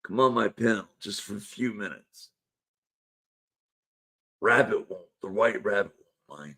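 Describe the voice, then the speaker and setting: A man's voice: lowish voice, expressive, measured pace, vocal fry, sharp tone, breathy edge. A man hosting a casual live-stream panel show, laid-back and chuckling as he coaxes guests to join. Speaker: livestream show host.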